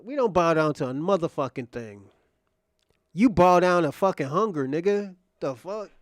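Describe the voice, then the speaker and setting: High-voiced man ranting mockingly. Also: animated, normal speed, dry recording, clean studio sound. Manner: mocking, provocative, taunting; profane, repetitive, restarts phrases. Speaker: livestream host. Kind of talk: ranting livestream commentary to chat.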